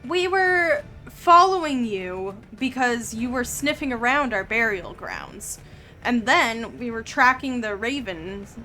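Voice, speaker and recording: A woman's voice: a little high, sing-song, slow, bright, forceful tone, soft background music, exaggerated voice. A woman voicing a friendly, placating male werewolf in a tabletop game. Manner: easygoing, placating. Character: tan-furred male werewolf, friendly peacemaker.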